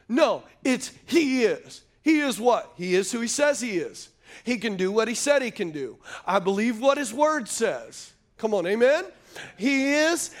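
A male pastor preaching a sermon to a live congregation, joking between points and calling for the crowd to answer. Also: extremely high pitch. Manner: call-and-response preaching, asks the crowd to answer; jokey asides between points. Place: church sanctuary before a live congregation.

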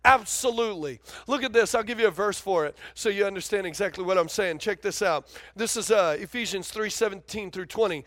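A man with a strikingly high voice preaching an animated sermon. He keeps stopping to call out to the congregation for a response. The sound is dry and close. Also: a little fast, dry recording. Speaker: pastor.

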